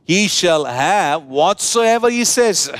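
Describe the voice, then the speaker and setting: A man preaches a sermon in a church. His voice sits high and his delivery is slow and deliberate, drawing out words for emphasis. The sound is dry and close. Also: lively intonation, a bit bright, dry recording. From India. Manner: preaching with drawn-out emphasis and call-and-response. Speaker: pastor.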